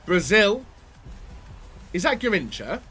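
An excitable young man commentating pack openings in a high, bright voice that leaps wildly up and down. He talks slowly between bursts, calls his viewers "guys", and yells at big pulls. Faint music plays behind him. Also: slightly rough. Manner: excitable, yelps and shouts at the screen. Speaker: YouTuber.

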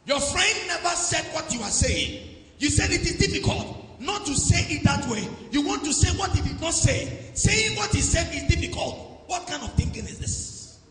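A man from Nigeria preaching a sermon as pastor, questioning his congregation and answering back, shifting between shouted declarations and quiet asides. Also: extremely high pitch, expressive, moderate pace, soft background music. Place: large church hall. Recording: echoey hall with some background noise.

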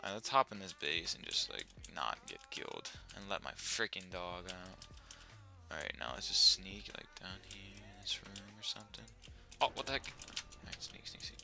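Young man, lively gaming commentary, very bright voice, faint music behind. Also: sits low, moderate pace, vocal fry. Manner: excitable, swears and yells at his dog. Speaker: gaming YouTuber. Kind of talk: live gameplay commentary. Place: home.

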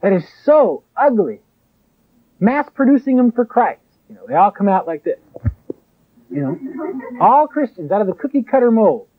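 A man preaching a sermon in an emphatic way, with sharp rises and drops. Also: high voice, big pitch swings, moderate pace, long pauses, husky. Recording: tinny phone-like lo-fi recording.

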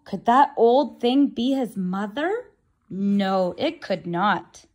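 A woman's voice: medium pitch, expressive, slow pace, a little mellow. A woman reading a picture book aloud to children, breaking off for chatty asides to her listeners. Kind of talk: read-aloud storytelling for kids.

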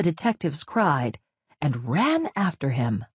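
A woman reading a children's story aloud very slowly for young learners, with a husky voice. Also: sits low, sing-song, a little mellow, dry recording, studio quality. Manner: very slow, clearly paced for learners.

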